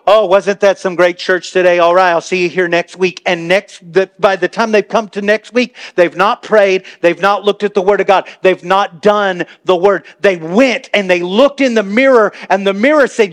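A man preaching a sermon as pastor, talking to the congregation in a chatty way and building to impassioned shouts. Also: high voice, steady tone, normal speed, hardly any pauses. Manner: impassioned, rising to shouts, conversational asides to the congregation. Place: church sanctuary.

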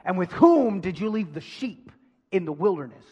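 A man voicing a jealous older brother who scolds and belittles his younger sibling in a hushed, scornful tone. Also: high voice, animated, normal speed, breathy edge, in a large hall, highs cut off. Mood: scolding.

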